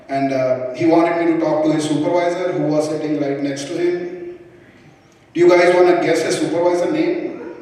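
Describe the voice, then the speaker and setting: A young man from India with an Indian accent, doing a live stand-up set with a halting delivery full of ums and restarts. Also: fairly high pitch, darkish tone. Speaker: stand-up comedian. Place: comedy club stage. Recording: echoey hall, mic far off.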